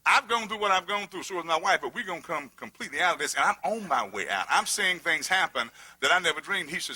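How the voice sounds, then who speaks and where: A middle-aged pastor preaching a sermon, building from quiet reading to shouted, humorous emphasis. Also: male voice, fairly high pitch, animated, quick pace, hardly any pauses, slightly rough.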